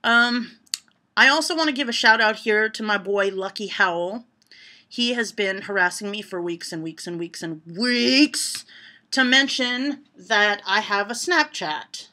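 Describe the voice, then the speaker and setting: A woman with a mid-range voice, speaking a little slowly, vlogs from home as she reads lists of jokes to her camera. She reacts to the punchlines with loud laughter in this casual joke-reading video.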